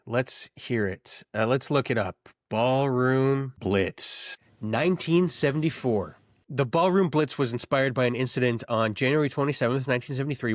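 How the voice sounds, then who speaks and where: A male podcast co-host trading jokes in loose, casual banter, laughing often. His voice sits at an average pitch and sounds close and dry, with no room echo. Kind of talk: casual comedic chat.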